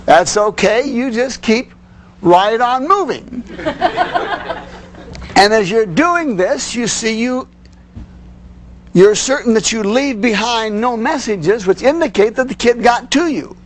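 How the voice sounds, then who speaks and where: Male parenting instructor, high-pitched, earnest lecture delivery, faint hum behind. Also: expressive, takes it slowly, pauses often. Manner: earnest, with frequent "you see".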